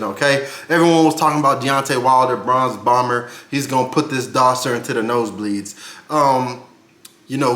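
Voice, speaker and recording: A man's voice: medium pitch, sharp tone, reverberant. A man giving casual boxing commentary for his channel, brash and profane, ranting with big swings in his voice.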